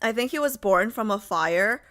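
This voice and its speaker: A woman's voice: medium pitch, lively intonation, moderate pace, a bit bright. A young woman hosting a livestream, chatting casually with viewers in a rambling, filler-heavy way. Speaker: livestream host. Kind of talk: casual chat with live viewers.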